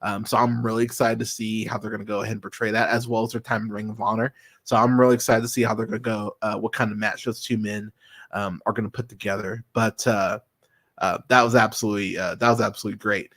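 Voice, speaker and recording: A man's voice: fairly low pitch, little pitch movement, fast talker, fairly bright tone. A young adult man hosting a podcast, giving a casual, enthusiastic solo review with frequent ums, restarts and swearing. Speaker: podcast host reviewing wrestling.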